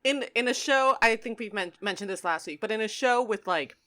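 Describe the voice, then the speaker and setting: A woman's voice: on the high side, expressive, fairly quick, pushed and bright. A woman co-hosting a podcast, chatting casually with wry remarks and frequent laughter. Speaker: podcast co-host. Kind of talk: casual chat.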